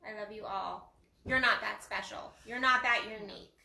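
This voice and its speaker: A woman coach in a casual talk, chatty, with quick asides and acted-out quotes. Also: mid-range voice, gravelly, pushed and bright. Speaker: guest coach. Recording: echoey room.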